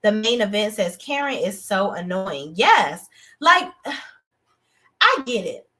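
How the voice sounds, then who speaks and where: A young woman talks straight into her live stream about a TV drama, blunt and animated. Her speech carries features. The pitch sits mid-range for a woman. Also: takes it slowly. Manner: animated, outspoken, breaks into acted voices of characters. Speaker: TV review show host. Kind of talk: casual live-stream review chat.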